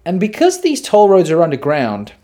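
An Australian man hosting a podcast, telling a story in a casual, animated, profane way. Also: sits high, normal speed. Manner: animated, profane, dramatic retelling. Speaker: podcast host.

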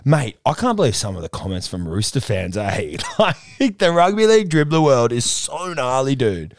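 A young man in casual studio chat, animated and swearing freely as he acts out what others said. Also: mid-range voice, moderate pace, slight background noise. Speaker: podcast co-host.

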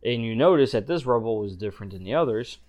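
A man narrating a tabletop game as game master, describing scenes slowly with fillers. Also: mid-range voice, expressive, a little mellow.

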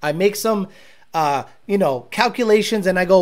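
A man's voice: high voice, animated, normal speed. A man hosting a car-tuning talk show, ranting bluntly and profanely with sarcastic asides. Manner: mocks others with exaggerated voices. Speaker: host.

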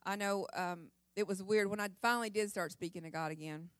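A middle-aged woman tells her testimony during a church sermon, speaking a little fast at medium pitch. She tells it dramatically and with strong emphasis, and the recording is dry.

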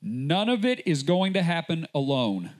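Slow, high-voiced preaching man. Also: very animated. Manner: emphatic preaching with repeated rhetorical questions; slow, deliberate delivery with sudden rises in pitch. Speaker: pastor. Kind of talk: sermon.

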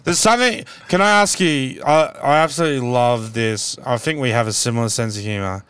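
A man's voice: medium pitch, a little fast, fairly bright tone, smooth. A man with an Australian accent hosting a casual podcast chat in a car, rambling and laughing often. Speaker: podcast host. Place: inside a car.

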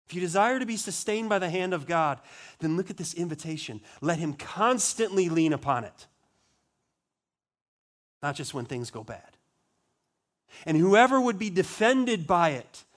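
Preaching at a measured pace, an animated male pastor throws rhetorical questions at his congregation and lifts his emphasis on key words. On the solemn lines, he sinks into a low, quiet voice.

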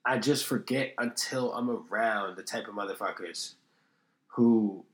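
A man's voice: fairly low pitch, a little slow. Profane rambling podcast man, roomy sound. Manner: rambling, profane, self-deprecating. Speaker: podcast host. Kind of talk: casual solo podcast monologue.

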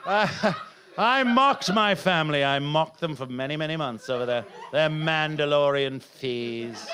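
A middle-aged man performing a rambling, self-heckling stand-up set, now and then bursting into shouts. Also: a little high. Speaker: stand-up comedian.

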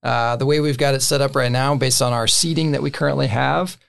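A man's voice: medium pitch, a little fast, vocal fry, clear, resonant tone. A man casually explaining the rules of a board game to friends, with many fillers and short laughs. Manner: relaxed, filler-heavy, laughs between points.

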